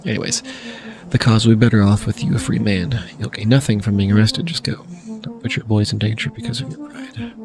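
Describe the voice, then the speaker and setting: A man hosts a let's-play, reading a game's text aloud and making wry, laughing asides as he goes. His voice sits somewhat low for a man. Soft game music plays in the background. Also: brisk, creaky. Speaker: gaming channel host. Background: faint game music.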